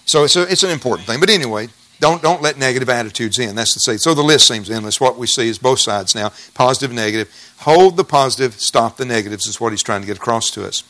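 A man's voice: medium pitch, animated, quick pace, bright, forceful tone. A middle-aged male pastor preaching a sermon in a folksy, emphatic way, repeating key phrases.

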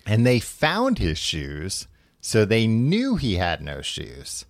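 A man's voice: fairly low pitch, huge pitch swings, slow, creaky, no room sound, studio quality. A man casually recapping a book on a podcast, rambling with lots of fillers and laughing often. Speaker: podcast host.

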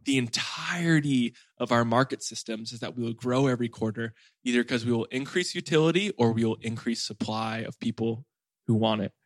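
A man's voice: mid-range voice, brisk, dry recording. A man in his late twenties, host of a podcast, telling stories in a casual family chat with lots of "like" fillers. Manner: rambling, heavy on "like" fillers, animated storytelling.

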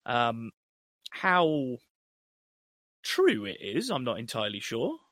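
A young man co-hosting a podcast, chatting casually about films in a sweary, animated way with laughing asides. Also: medium pitch, slow pace, no echo. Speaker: podcast co-host. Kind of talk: casual film chat.

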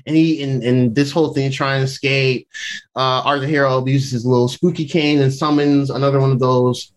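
A man's voice: mid-range voice, a little fast. A man casually recapping a TV episode for a podcast, acting out the characters' lines with slang. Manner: animated retelling, acting out quotes in a raised voice. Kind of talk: casual chat.

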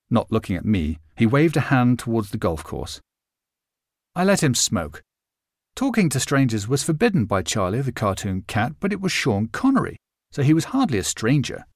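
Lively male storyteller, dry close sound. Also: mid-range voice, no room sound. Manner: expressive storytelling. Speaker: audiobook narrator. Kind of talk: scripted narration.

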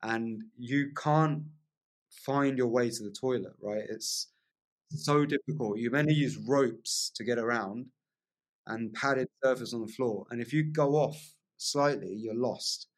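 A man's voice: mid-range voice, unhurried. A man, a podcast guest, vividly telling a personal story in casual conversation, laughing often and leaning on lots of "like" fillers.

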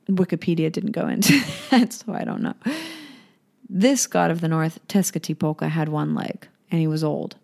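A woman's voice: fairly low pitch, creaky, a little mellow. A young woman casually retelling a myth, irreverent and chatty, with swearing and asides. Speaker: storyteller.

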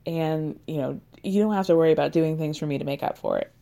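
A woman's voice: low-pitched, fast, gravelly, warm tone. A woman casually retelling a reality show episode, acting out each person's lines and laughing often. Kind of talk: casual recap chat.

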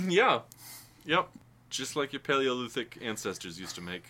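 A man's voice: mid-range voice, big pitch swings, normal speed, pushed and bright. A man co-hosting a casual podcast, teasing his friend and laughing often. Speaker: podcast co-host.

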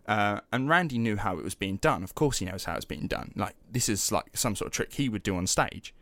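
A man's voice: fairly low pitch, brisk, no echo. Man telling a story on a dry close mic. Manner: animated, swears freely, many fillers. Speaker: podcast host. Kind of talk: casual storytelling chat.

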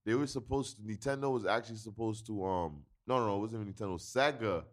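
A man's voice: on the low side, quick pace. A young adult man chatting casually as a podcast co-host, telling stories in a rambling, slangy way full of fillers. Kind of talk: casual chat.

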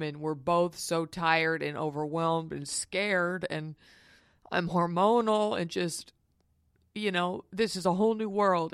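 Frank woman podcaster with a clear voice. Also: lowish voice, no room sound, clean studio sound. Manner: frank, emphatic and confiding, addresses listeners as honeys. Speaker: podcast host. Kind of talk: candid personal storytelling.

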